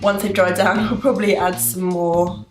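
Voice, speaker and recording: A woman's voice: fairly low pitch, fairly even intonation, normal speed. Chatty, self-deprecating English woman, casual makeup talk, echoey room with music playing. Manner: chatty and self-deprecating, laughing at her own mistakes. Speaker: beauty vlogger. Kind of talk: casual makeup tutorial chat. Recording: roomy echo with background music.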